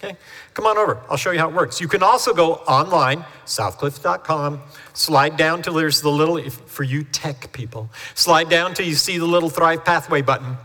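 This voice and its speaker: A pastor preaching in a church sanctuary, his fairly high voice bright and forward. He tells stories in a chatty way and acts out the people he quotes. The sound carries a long hall reverb. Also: moderate pace. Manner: chatty storytelling with lively acted-out quotes. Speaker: family pastor. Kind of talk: sermon.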